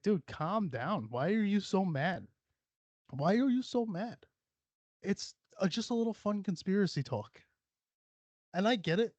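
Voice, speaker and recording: A man's voice: a little high, dry recording. A man hosting a podcast in casual chat, talking about himself with lots of profanity and self-mockery. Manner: profane, self-deprecating, rambling. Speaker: podcast host. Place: room at home. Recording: dull, dry sound.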